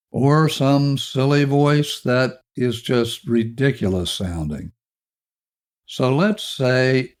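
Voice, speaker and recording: A middle-aged man hosting a podcast, calmly guiding listeners through a self-help exercise. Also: mid-range voice. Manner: slow, calm, instructive, speaking directly to the listener. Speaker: podcast host.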